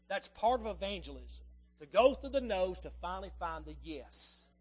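A man delivers a sermon in an unusually high voice. He drives his points home with rhetorical questions and moves from loud, emphatic stretches to quiet ones. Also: very animated, normal speed, husky. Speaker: preacher.

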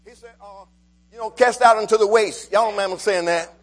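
A man's voice: high voice, fairly quick, soft background music. A man preaching a sermon, rising and falling in emphasis and calling out to his congregation.

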